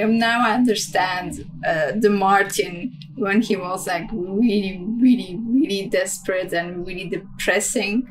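Excitable woman gaming, slow and cursing. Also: medium pitch, low-quality recording. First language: Romanian. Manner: swearing, excitable, with many fillers. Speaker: game streamer. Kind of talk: casual gameplay commentary.

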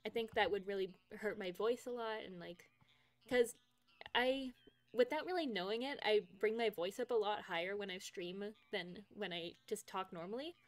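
A woman's voice: mid-range voice, normal speed. A young woman streaming from home, chatting casually with her viewers, laughing often as she reads out their messages. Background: faint game music.

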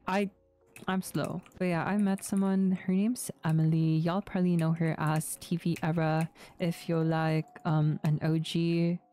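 A woman's voice: deep voice, dark tone. A young woman rambling casually while playing a game, full of fillers and swearing freely, on a desktop microphone. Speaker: gaming YouTuber. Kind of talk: casual rambling gameplay commentary. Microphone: desktop USB microphone. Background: faint background music and keyboard typing.

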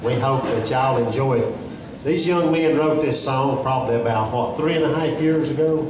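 A man introduces a song in a casual, halting manner, with a mid-range voice. He is far from the mic in a very echoey space with noise behind him. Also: medium pitch.

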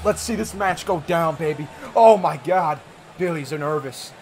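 A man commentating a wrestling video game with a friend, often shouting and swearing. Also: fairly high pitch, measured pace, soft background music. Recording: noisy stream audio.

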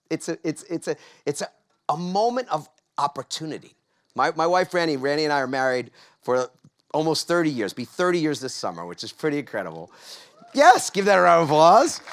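This keynote speaker, a middle-aged man from New York, has a voice pitched a little high. He gives a motivational talk on a big stage, using call-and-response questions to engage the crowd.

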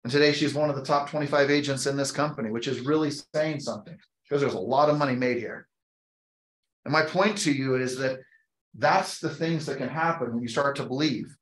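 Speaking a little fast at medium pitch, a man in his fifties runs a motivational training talk as a real estate team leader and trainer, moving from a personal story to an emphatic, upbeat push. The audio carries a roomy echo and a faint hiss or hum.

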